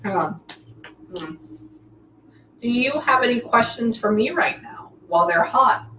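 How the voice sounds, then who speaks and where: A woman's voice: a little high, lively intonation, measured pace, sharp tone. Woman medium chatting away, keeps saying hang on, echoey room, mic kinda far. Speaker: psychic medium. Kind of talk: casual spoken reading session. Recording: echoey room, mic at a distance, faint noise.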